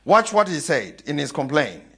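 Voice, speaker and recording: High-voiced man preaching. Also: very animated, normal speed, bright, forceful tone, slightly rough. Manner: call-and-response preaching, laughs often. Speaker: pastor. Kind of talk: sermon.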